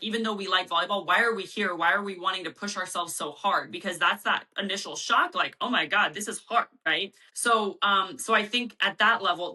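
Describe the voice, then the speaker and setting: A middle-aged woman speaks as a coaching guest in a relaxed interview. Her voice is bright and clear, and she talks in an animated way, slipping quoted players and coaches into her own voice. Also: mid-range voice, low-quality recording. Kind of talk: casual interview talk.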